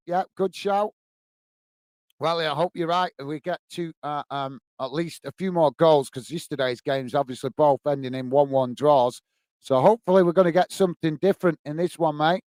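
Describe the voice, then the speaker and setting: A man from the UK hosts a live football watch-along in a casual, chatty way, greeting viewers and filling pauses with "uh." His voice sits a little high for a man, smooth and clear. The sound is dry and close to the mic. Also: darkish tone, no echo. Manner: chatty, friendly, frequent fillers and greetings to viewers. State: a bit out of breath. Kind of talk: casual live-stream chat reading viewer comments.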